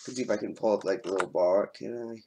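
A man's voice: lowish voice, quick pace, darkish tone, slight background noise. A man giving casual, sarcastic commentary while reacting to video clips, with lots of filler words.

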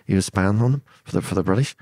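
Deep and dark in tone, this quick-talking man in his sixties speaks with a Belfast accent, heard as clean, echo-free studio sound. He's from Northern Ireland and guests on a podcast storytelling interview, narrating bluntly, swearing freely, and voicing the dialogue vividly as he recounts it.

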